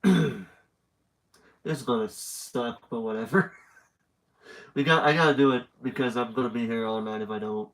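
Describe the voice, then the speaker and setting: A man's voice: medium pitch, moderate pace, pauses often, fairly bright tone, poor audio. Slightly nasal young man reading a story aloud. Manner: chatty, rambling asides between story passages.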